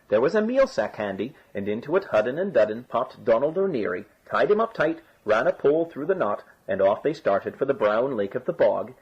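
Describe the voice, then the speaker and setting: A man narrating a storybook in a measured, expressive way. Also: medium pitch, slightly rough. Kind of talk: storybook reading. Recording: dull lo-fi recording.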